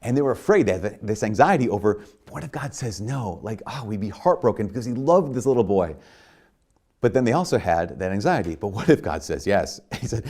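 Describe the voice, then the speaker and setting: A man's voice: lowish voice, big pitch swings, a little fast, darkish tone. A man, a priest, giving a sermon in a conversational way, full of restarts and "like", at times rising to emphatic bursts.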